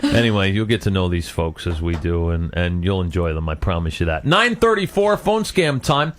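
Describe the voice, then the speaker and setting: A male morning radio host who chats casually and laughs easily. His pitch moves up and down a lot. The radio aircheck has a faint hiss. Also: very animated, moderate pace. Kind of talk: casual on-air banter.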